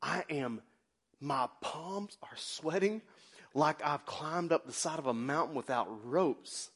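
A man preaching as pastor in a church, passionate, swinging between loud exclamations and quiet confessions. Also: on the high side, measured pace. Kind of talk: sermon. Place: church sanctuary.

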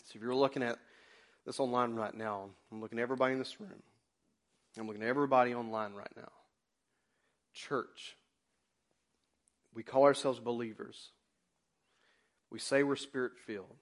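A man preaching as pastor in a church, passionate, swinging between loud exclamations and quiet confessions. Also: medium pitch, fairly even intonation, moderate pace, pauses often. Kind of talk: sermon. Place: church sanctuary.

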